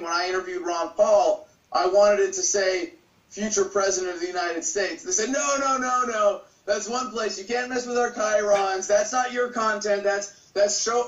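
A man's voice: high-pitched, muffled recording. A man speaking as an interview guest, passionate and argumentative, pressing his points with repeated words. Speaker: guest, political campaigner. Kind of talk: emphatic interview answers. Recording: distant echoey room sound.

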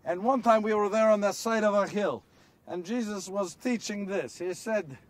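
A man's voice: sits high, moderate pace, distant mic, natural voice. A man playing an earnest apostle who recalls miracles in a first-person monologue, telling the story and asking his listeners questions, recorded outdoors. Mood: fervent. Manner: storytelling, rhetorical questions to listeners, builds to shouts. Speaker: actor in a one-man biblical monologue. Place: outdoors on location.

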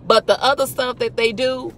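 A woman's voice: a little high, steady tone, moderate pace, fairly bright tone, slight background noise. A woman hosting a casual faith talk, emphatic and full of rhetorical questions. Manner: emphatic, rhetorical questions, talks back to imagined people. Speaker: host.

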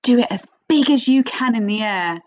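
A woman teaching young children a phonics lesson, speaking in an expressive sing-song teacher voice with little gasps of excitement. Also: fairly high pitch, moderate pace, low-quality recording. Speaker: primary school teacher.

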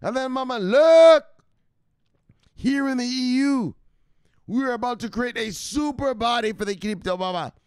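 A man's voice: extremely high pitch, darkish tone, clear, resonant tone, dry recording, studio quality, pitched above the performer's own voice. A man doing a whiny grown son pleading. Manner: whining, drawn-out pleading.

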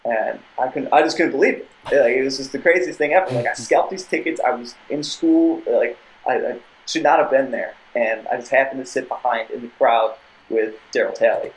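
A man's voice: mid-range voice, fairly quick, poor audio. A young man, a podcast guest, telling a long casual story with many tangents and restarts. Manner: rambling, tangents, repeated restarts.

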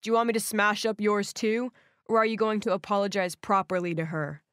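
A woman voicing a charming, protective teenage boy in an animated story, speaking calmly and teasingly. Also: mid-range voice, brisk, smooth, no room sound, clean studio sound, natural voice.

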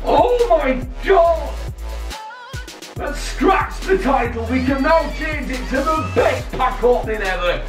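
A man hosting a gaming video, giving excited pack-opening commentary, often shouting and swearing at the game. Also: extremely high pitch, normal speed, few pauses. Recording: roomy distant mic with faint music.

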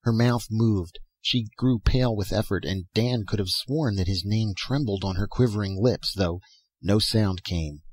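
Man, audiobook narrator, low voice, husky, measured storytelling, dry close sound. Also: a little mellow, no echo. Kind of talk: scripted narration.

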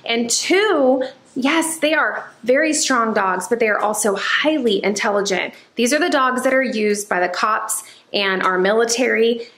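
A woman chatting casually to her vlog viewers, animated and storytelling. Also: fairly high pitch, unhurried. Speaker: vlogger. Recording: echoey room.

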